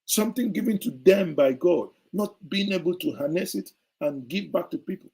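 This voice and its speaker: A man's voice: high voice, moderate pace, creaky, mellow, husky, low-quality recording. A middle-aged man gives indignant, sarcastic political commentary as a show host, hammering his points with emphatic repetition.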